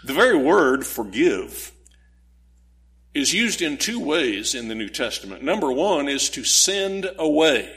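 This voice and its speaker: A man's voice: medium pitch, a bit bright. A man preaching a sermon, explaining scripture in an earnest, teaching way and posing rhetorical questions to his listeners.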